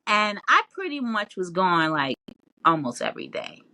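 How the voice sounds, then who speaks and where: A woman recounting her past as an interview guest, animated and quick to laugh, with lines she quotes pitched up high. Her voice sits a little low but has a bright, forceful edge. The sound is close and dry. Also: no echo. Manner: animated, laughs often, quoted dialogue in a raised voice. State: tearful at times. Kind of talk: casual storytelling interview.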